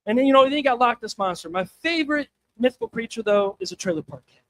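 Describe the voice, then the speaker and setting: A young man on a comedy stage, with a strikingly high voice, runs a crude, self-mocking stand-up set. He talks loosely and casually, throwing questions out to the crowd as he goes. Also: lively intonation, quick pace, a bit bright.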